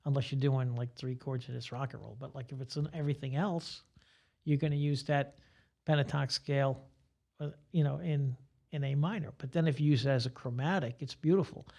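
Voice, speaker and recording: Older man with a gravelly voice. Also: mid-range voice, fairly even intonation, fairly quick, warm tone. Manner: rambling, teacherly explanations. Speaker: guitar teacher and guest. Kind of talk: casual podcast interview.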